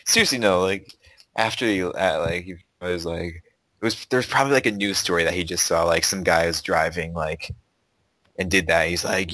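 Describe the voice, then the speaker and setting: A man's voice: deep voice, normal speed, bright, forceful tone, no echo, poor audio. A young man co-hosting a casual podcast, giving opinions and saying "like" constantly. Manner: opinionated, heavy use of "like". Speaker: podcast co-host. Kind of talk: casual chat.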